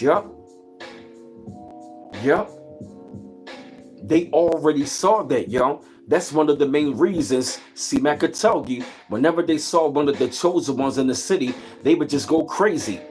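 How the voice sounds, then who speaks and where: A man's voice: on the high side, expressive, a little slow, pauses often, soft background music. A man hosting a livestream. He gives a casual, preachy motivational talk, greets his chat and repeats his points. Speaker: livestream host.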